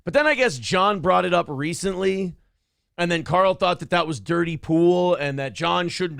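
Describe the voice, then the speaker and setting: A man's voice: high voice, moderate pace, gravelly, a bit bright, clear, resonant tone, no room sound, clean studio sound. A man hosting a talk show, giving blunt, profane commentary on a clip in a casual, ranting way. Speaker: show host.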